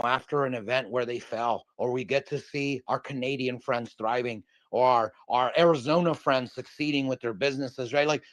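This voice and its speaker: A male livestream host who talks in a boastful, emphatic, rambling way. His voice sits at an ordinary pitch. The sound is dry and close. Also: dry recording. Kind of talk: hyped casual stream talk.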